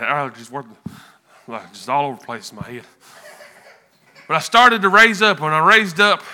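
Earnest man, high lively voice. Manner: earnest, halting, repeats words. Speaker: church member giving testimony. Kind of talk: emotional church testimony.

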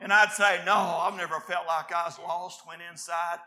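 A man preaching a revival sermon, often shouting, then dropping to quiet asides, with many filler "uh"s. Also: high voice, fairly even intonation, normal speed, reverberant.

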